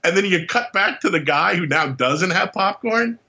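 A man guest on a podcast, telling stories in an animated, casual way, acting out quotes and laughing often. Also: high-pitched, normal speed, dull audio. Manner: lively storyteller who acts out quotes and laughs often. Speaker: podcast guest, comics writer.

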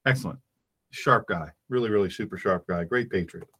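A man's voice: fairly low pitch, fairly quick, fairly bright tone, slightly rough. A man hosting a talk radio show, speaking as a pastor in a fervent, emphatic monologue that repeats phrases for effect.

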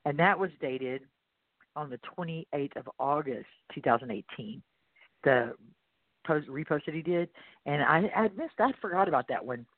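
Texan talk radio host on a tinny line. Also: male voice, fairly high pitch, lively intonation, no room sound. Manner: rambling, halting with many fillers. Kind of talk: talk radio, reading posts aloud. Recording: tinny phone-like line, dry.

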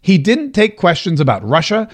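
A man's voice: high voice, wildly swooping pitch, normal speed. A man hosting a political commentary show, talking casually and animatedly, often stumbling over and repeating words.

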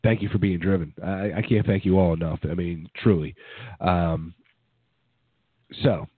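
A man hosting a rock radio show, hoarse from a cold, rambling casually with lots of fillers as he wraps up. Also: low-pitched, fairly even intonation, unhurried, no room sound. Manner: rambling, filler-heavy, laid-back. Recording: dry, phone-like narrow sound.

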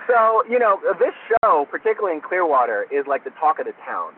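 Male guest, lively up-and-down delivery, acts out voices, phone-line sound with faint hiss. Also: a little high, measured pace, long pauses. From Florida. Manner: animated anecdote teller, acts out dialogue. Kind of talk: casual storytelling in interview.

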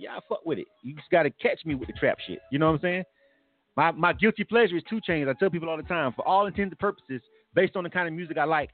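Man, radio host, casual slangy talk, tinny phone-like sound, faint music behind. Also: fairly high pitch. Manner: laid-back, slangy, profane. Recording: tinny phone-like broadcast audio.

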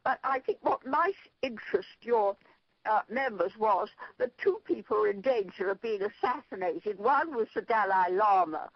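An older Irish woman spins a rambling anecdote for an interviewer, her pitch leaping up and down as she goes. She laughs easily at her own stories. The sound is dry and dull, like a muffled phone line. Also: moderate pace, no room sound. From Ireland. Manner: lively, rambling storyteller who laughs at her own tales. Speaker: interview guest, spiritual leader.

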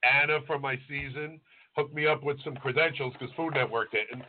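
His voice sits in the middle range with fairly even intonation and a normal pace, and there's a little hiss or hum on the tinny, phone-like recording. The speaker, a chef and podcast co-host, tells crude, meandering stories while doing voices of people he's met.

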